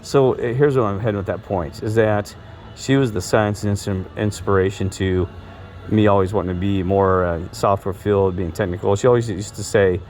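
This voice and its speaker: A man's voice: fairly low pitch, fairly even intonation, normal speed, darkish tone. A middle-aged man rambling through personal stories on his vlog, circling back and restarting his sentences with lots of fillers. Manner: meandering, repeats himself, many fillers and restarts. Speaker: vlogger.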